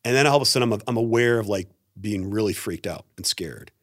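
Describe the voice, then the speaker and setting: A middle-aged man, a pastor, shares a personal story as a guest in a podcast interview, telling it with animation and acting out the quotes. His voice is lowish and fairly quick. The recording is dry, with clean studio sound.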